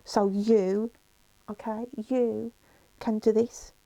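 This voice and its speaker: A woman's voice: fairly high pitch, little pitch movement, slow, vocal fry, warm tone, no room sound, dull audio. A woman giving a tarot reading, talking to viewers in an emotional, reassuring way with many fillers and frequent "okay?" checks. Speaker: tarot reader.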